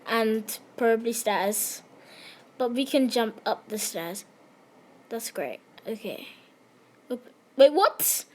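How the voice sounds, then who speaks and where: Young girl streaming a game, kinda high voice, talks slow, giggles a lot. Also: a little hiss or hum. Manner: chatty, giggly, easily excited. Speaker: gamer streamer. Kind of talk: casual game commentary.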